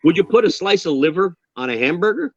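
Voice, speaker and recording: A man with a New York accent, a drummer being interviewed on a video call, talking in an animated, emphatic, joking way. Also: high-pitched, fast talker, highs cut off, a little hiss or hum. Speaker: guest drummer. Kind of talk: casual interview chat.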